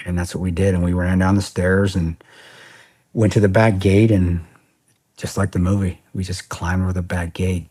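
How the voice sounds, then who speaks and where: A man being interviewed on a podcast, telling a story in a casual, animated way, swearing often and saying "man" a lot. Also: deep voice, moderate pace. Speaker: podcast guest, former soldier.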